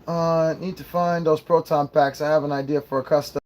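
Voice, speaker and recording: A man's voice: a little high, flat delivery, fairly quick, a little mellow. Profane, ranting young man reviewing toys. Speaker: toy reviewer. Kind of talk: casual unboxing vlog.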